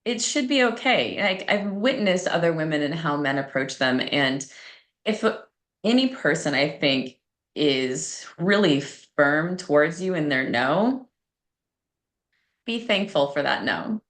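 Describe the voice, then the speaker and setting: A woman's voice: deep voice, expressive, measured pace. A woman, a guest transformation coach, chatting casually on a podcast, telling stories with frequent laughs and acting out quoted lines.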